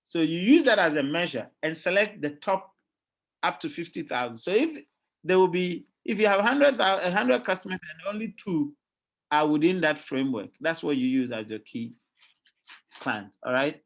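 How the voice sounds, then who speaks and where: Gravelly Ghanaian male lecturer. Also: a little high, normal speed. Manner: lively, keeps checking in with "all right?" and quizzing students. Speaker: university lecturer. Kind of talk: classroom lecture.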